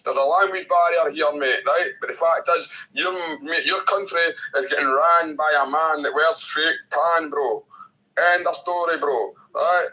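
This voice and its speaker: A man's voice: a little high, normal speed, low-quality recording. Brash, swearing Scottish man. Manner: loud, crude and taunting, swears a lot. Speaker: stranger on a video chat. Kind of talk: provocative casual chat.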